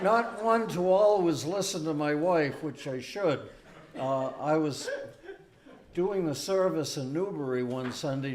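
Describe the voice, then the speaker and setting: Older man from Boston telling slow folksy jokes. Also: fairly high pitch, darkish tone. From Boston area. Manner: folksy, self-deprecating, with hesitant restarts. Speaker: minister telling jokes at a variety show. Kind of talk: stand-up joke telling. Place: community hall stage.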